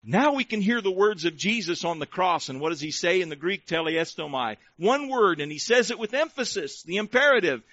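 A man preaching a sermon, calling for amens and shouting praise, slowing down to stretch key words for emphasis. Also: sits high, lively intonation, no echo, highs cut off. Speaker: pastor.

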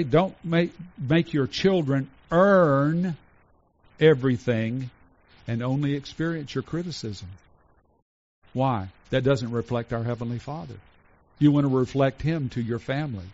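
Male pastor mid-sermon, earnest, with deliberate emphasis and a mid-range voice; dull, lo-fi recording. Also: mid-range voice. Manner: earnest, slows to stress lists, drops soft for tender points.

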